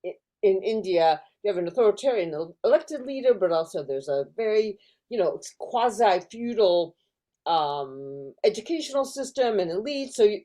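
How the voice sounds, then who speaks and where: Middle-aged woman academic interviewee, mellow warm voice, thoughtful and halting, on a video call. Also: on the low side. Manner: thoughtful, lots of fillers and restarts, acts out quoted voices. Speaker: professor being interviewed. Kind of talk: casual academic discussion. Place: in California.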